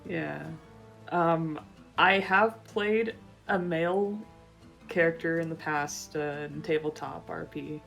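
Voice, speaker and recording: A woman's voice: low-pitched, fairly even intonation, slow, creaky, fairly bright tone, faint music behind. A woman guest on a casual podcast chat, talking hesitantly with frequent giggles.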